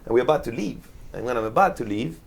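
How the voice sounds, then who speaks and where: A man's voice: mid-range voice, expressive, quick pace, gravelly. A young man, a DJ, telling stories in a casual chat, acting out quotes and laughing often. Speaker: DJ guest.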